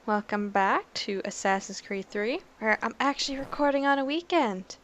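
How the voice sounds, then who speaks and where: A woman's voice: fairly high pitch, moderate pace, fairly bright tone. A woman doing casual let's play commentary, reading game entries aloud in a chatty, self-correcting way with giggly asides.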